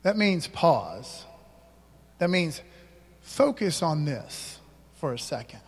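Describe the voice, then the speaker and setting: High-voiced man preaching in a reverberant hall. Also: sing-song, slow pace, husky. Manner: emphatic call-and-response preaching. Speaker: pastor. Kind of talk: sermon.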